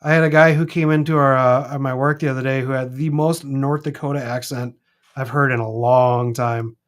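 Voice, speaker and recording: A man with a Minnesota accent chatting casually as co-host of a live stream, rambling and animated. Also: medium pitch, moderate pace. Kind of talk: casual chat. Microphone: streaming mic.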